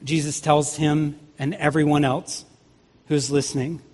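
A man's voice: on the high side, little pitch movement, unhurried, a little mellow. A man preaching a conversational sermon as a pastor, acting out the voices he quotes. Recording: long reverb of a large hall.

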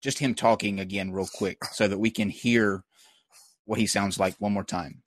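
A man's voice: fairly low pitch, fairly even intonation, moderate pace, no room sound. A man hosting a podcast, playfully directing the conversation and prompting his guests. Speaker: podcast host. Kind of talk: casual podcast chat.

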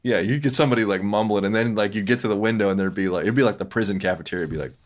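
A man's voice: on the low side, racing. A man from South Louisiana, probably in his thirties, chatting casually with loose, profane storytelling and mimicked voices. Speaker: guest. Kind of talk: casual chat.

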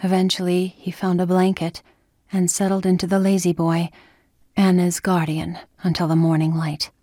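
A woman narrating a scripted story in a calm, measured way, dropping to a whisper in tense moments. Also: on the low side, dry recording, clean studio sound.

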